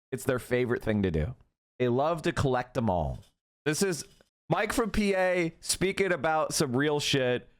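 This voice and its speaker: Animated, ranting male streamer. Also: mid-range voice. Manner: animated, profane ranting with tangents. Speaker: streamer host. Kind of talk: live-stream political commentary.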